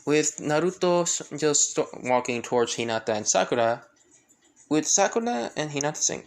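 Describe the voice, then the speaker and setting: Improvised fan-story narrator who rambles and restarts, middle-pitched voice. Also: animated, normal speed. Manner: rambling, full of restarts and fillers.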